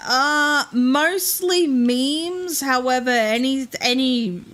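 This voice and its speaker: A woman's voice: on the high side, lively intonation, moderate pace, fairly bright tone, soft background music. A young woman with a Queensland Australian accent, chatting casually while streaming a game, rambling with lots of fillers and laughs. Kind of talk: casual gameplay chat.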